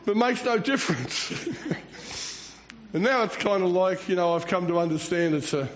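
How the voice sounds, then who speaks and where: A man's voice: sits high, lively intonation, normal speed. A man, preaching a rambling, self-mocking sermon and chuckling between phrases. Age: 60s. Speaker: pastor. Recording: dull lo-fi recording.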